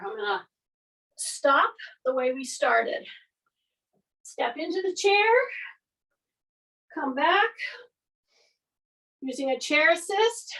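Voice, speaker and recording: A woman fitness instructor leading a guided workout class, giving steady coaching cues while exercising along. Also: sits high, recorded from a distance, low-quality recording.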